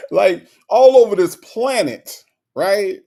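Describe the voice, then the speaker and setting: Guy on a livestream, kinda high voice, hyped, keeps stammering and restarting, reads chat out loud. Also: extremely slow, creaky. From Florida. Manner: animated, reads chat messages aloud, frequent stammered restarts. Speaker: livestream host. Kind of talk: casual livestream commentary.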